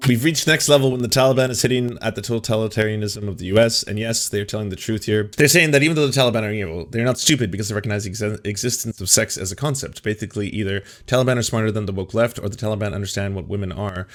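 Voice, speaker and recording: Joking, rambling low-voiced male host. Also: fast talker, hardly any pauses. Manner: rambling, joking, with filler and restarts. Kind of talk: casual political commentary chat.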